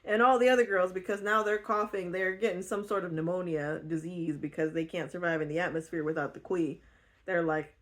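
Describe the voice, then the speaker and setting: A woman casually retelling a book, animated and indignant, laughing easily. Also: fairly low pitch, a little fast. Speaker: book vlogger.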